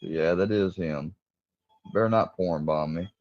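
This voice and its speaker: A man's voice: low-pitched, unhurried, dry recording. Combative, mocking man on a stream. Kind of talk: heated livestream argument. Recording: dull lo-fi stream audio.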